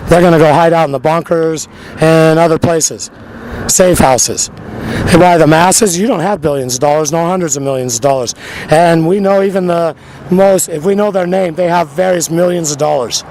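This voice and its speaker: A man's voice: a little high, moderate pace, rough recording. A man hosting a street radio show, talking in a rambling, repetitive, emphatic monologue outdoors by a busy road. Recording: outdoor recording with loud traffic noise.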